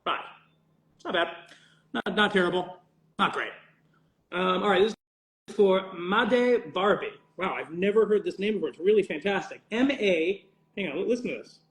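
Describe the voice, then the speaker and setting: His voice sits high, expressive and brisk with a fairly bright tone, and the sound is roomy. The voice actor chats casually on a livestream as he signs for fans, rambling, breaking off mid-thought and swearing playfully.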